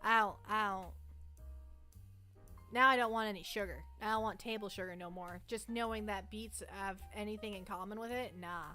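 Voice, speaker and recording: A woman's voice: medium pitch, steady tone, moderate pace, pushed and bright, soft background music. A young Canadian woman hosting a livestream, rambling casually with her chat and often restarting her sentences. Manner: rambling, chatty, self-interrupting. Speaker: livestream host.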